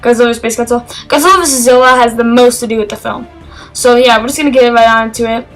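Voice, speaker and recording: Woman film reviewer, slightly high voice, chatty and halting, faint music underneath. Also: fairly even intonation, low-quality recording. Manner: rambling and hesitant, with many fillers and restarts; enthusiastic. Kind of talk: casual spoken film review.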